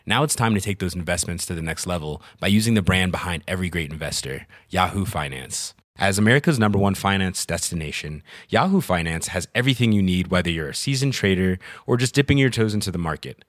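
A man reading a scripted advertisement as a voice-over with smooth promotional delivery. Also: low-pitched, expressive, fast talker, few pauses, no echo, clean studio sound.

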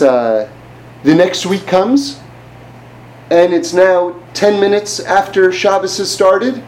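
A man's voice: sits high, darkish tone, slight background noise, poor audio. A man giving an informal religious class in a conversational way, often asking the listener rhetorical questions. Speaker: Torah teacher.

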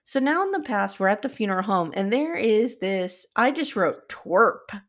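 A woman's voice: mid-range voice, moderate pace. A woman co-hosting a podcast, chatting casually and retelling scenes with quoted lines. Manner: animated storytelling, recapping scenes with quoted lines. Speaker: podcast co-host. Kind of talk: casual chat.

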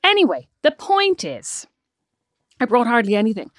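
A woman's voice: on the high side, normal speed, no echo, clean studio sound. A woman in her late thirties with an Irish accent, co-hosting a podcast in casual, self-mocking chat. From Ireland. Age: late 30s. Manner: animated, laughing, self-mocking storyteller. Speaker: podcast co-host.

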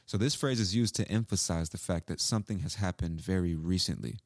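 Deep-voiced man teaching English phrases. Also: brisk, few pauses, a little mellow, no echo, studio quality. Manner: casual, repeats examples, acts out sample lines. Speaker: English teacher, podcast host. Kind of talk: explaining phrases from a clip.

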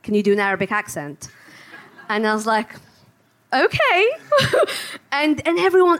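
A woman's voice: mid-range voice, fairly bright tone. A woman in her forties from England, an actor and producer, telling her story on a panel. She speaks animatedly, with frequent laughter and many restarts.

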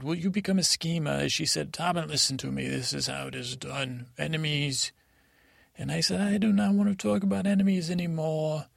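A man voicing a naive, dreamy young prince in a sleep story, rambling and halting with many restarts as he retells conversations. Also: fairly high pitch, vocal fry, fairly bright tone, no echo, studio quality, full character voice. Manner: halting and rambling, full of restarts and retold dialogue. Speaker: podcast host.

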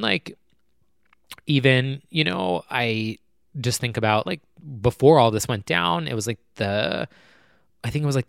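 A young man and YouTube creator venting to the camera about his feelings, rambling and halting, close to tears. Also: mid-range voice, vocal fry, clear, resonant tone, dry recording. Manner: rambling, halting, full of "like" and restarts. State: close to tears, voice dropping low. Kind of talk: emotional personal vent to camera.

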